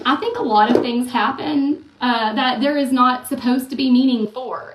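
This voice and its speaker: A woman talks candidly in a casual confessional vlog, in a voice pitched a touch high. She sits back from the mic, and the room rings around her words. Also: background noise. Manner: candid, frank, earnest. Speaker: online content creator. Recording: roomy, some distance from the mic.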